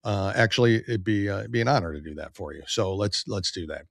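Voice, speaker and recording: A man's voice: on the low side, fast, vocal fry, a bit bright, no echo, studio quality. A man hosting a podcast, giving blunt, opinionated political commentary and reading viewer comments aloud. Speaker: podcast host.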